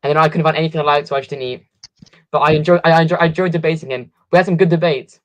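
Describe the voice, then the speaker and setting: A relaxed man co-hosts a live stream and trades easy banter with friends. His voice sits a little high. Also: very fast, low-quality recording. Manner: laid-back banter. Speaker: co-host. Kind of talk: casual live stream chat.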